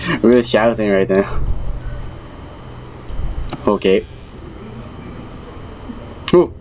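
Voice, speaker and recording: Male let's-play gamer, unhurried speech, easily spooked, headset mic, muffled home recording with faint hiss. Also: on the low side, animated, a little mellow. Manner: jumpy, exclaiming, easily startled. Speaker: gamer playing a horror game. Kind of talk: let's-play gaming commentary.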